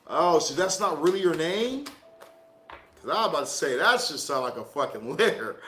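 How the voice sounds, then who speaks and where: A man with a slightly high voice doing a casual tarot reading on a livestream, loose and full of swearing, joking and laughing easily. His voice echoes in the room. Music plays clearly in the background. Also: big pitch swings, normal speed, bright, forceful tone. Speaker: tarot card reader.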